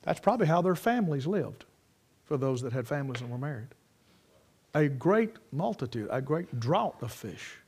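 A man preaching a sermon, swinging from loud ringing peaks to low, quiet storytelling. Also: big pitch swings, moderate pace, breathy edge.

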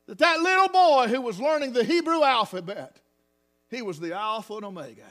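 A high-pitched man delivers a sermon. He speaks softly at times, then climbs into loud, fervent preaching punctuated with hallelujahs. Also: animated, moderate pace, pauses often. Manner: builds from quiet talk to loud, rising preaching with hallelujahs. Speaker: pastor.

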